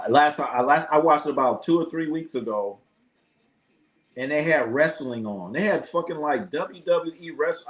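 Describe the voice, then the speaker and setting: Profane ranting man hosting a sports stream. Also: medium pitch. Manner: reads chat comments aloud. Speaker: sports livestream host. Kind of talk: casual live sports chat.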